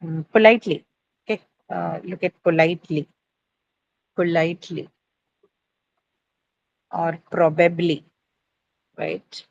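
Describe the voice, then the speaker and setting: A woman's voice: lowish voice, normal speed, vocal fry, pauses often, no echo, muffled recording. A woman teaching an English class on word stress in a classroom, checking in with students and often adding "right?" and "uh".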